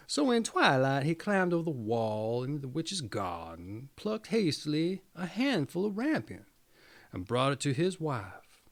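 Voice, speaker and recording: A man reading a fairy tale aloud in an expressive, swooping storytelling manner. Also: a little high, unhurried.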